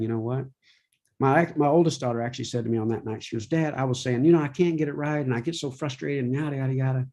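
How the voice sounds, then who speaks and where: Candid mellow-voiced man in interview. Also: mid-range voice. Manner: open, rambling, frequent "you know what I mean". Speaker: podcast guest.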